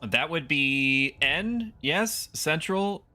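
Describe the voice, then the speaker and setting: A man's voice: on the high side, expressive, extremely slow, bright, forceful tone, faint music behind. A man streaming a strategy game, joking with chat while he plays. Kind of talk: casual gaming livestream commentary.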